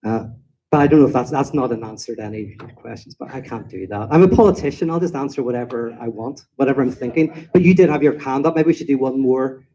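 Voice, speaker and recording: A man's voice: mid-range voice, fast, dark tone, rough recording. A man answering audience questions in an informal talk, rambling and acting out quoted voices as he tells stories. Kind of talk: informal lecture Q&A.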